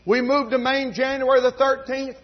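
Heard on a dull lo-fi recording, this middle-aged pastor from North Carolina delivers a sermon in church at a moderate pace. His voice is very high-pitched with little pitch movement as he tells folksy tales and builds to emphatic fervor.

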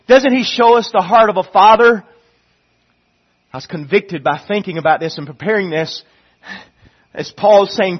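A male pastor preaching a sermon, swinging from loud pleading to hushed intensity and often repeating and restarting his phrases. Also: sits high, normal speed, pauses often, husky, highs cut off.

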